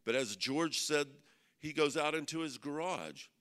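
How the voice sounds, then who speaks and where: Pastor preaching to men. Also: male voice, on the high side, animated, a bit bright, clean tone. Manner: preaching with frequent "Amen?" call-outs to the audience; reads scripture aloud slowly and with emphasis. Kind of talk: sermon at a men's meeting.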